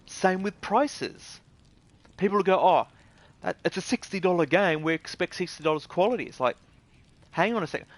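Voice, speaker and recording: A man's voice: a little high, a bit bright. Indignant Australian man ranting bluntly. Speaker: gaming video creator. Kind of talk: casual ranting commentary.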